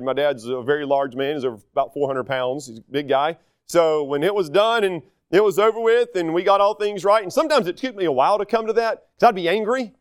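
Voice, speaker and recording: A man preaching a sermon, telling stories in an animated, self-deprecating way. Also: a little high, smooth, dry recording, studio quality.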